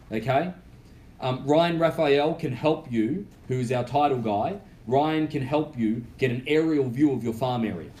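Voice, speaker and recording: A man's voice: fairly high pitch, a little mellow. A man giving a real estate training seminar, talking directly and checking in with "okay?" after his points. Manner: direct, coaching, tags lines with "okay?". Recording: echoey room with faint background noise.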